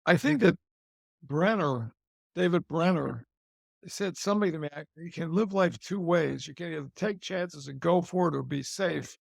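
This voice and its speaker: A man's voice: on the high side, moderate pace, creaky, no room sound. An older man being interviewed about his career, chatting casually and repeating phrases for emphasis. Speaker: interview guest, TV host and author.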